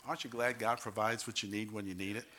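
An older man from New York with a New York accent, a pastor giving a fervent testimony sermon, rising to loud exclamations and calling for amens. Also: lowish voice, fairly even intonation, fast.

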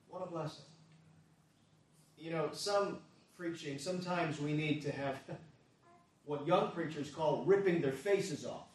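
An earnest male pastor preaching in a church, his fairly high voice rising to forceful emphasis and dropping to quiet asides. The sound is very echoey and picked up from some distance off the mic. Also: slow, pauses often, a little hiss or hum. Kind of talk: sermon.

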